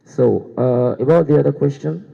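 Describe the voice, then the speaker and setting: Young man, mellow dark voice, hesitant debate answers, echoing hall. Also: medium pitch, moderate pace, gravelly. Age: young adult. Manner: hesitant, many fillers and restarts. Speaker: student guild candidate. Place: university hall. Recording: dull echoey hall sound.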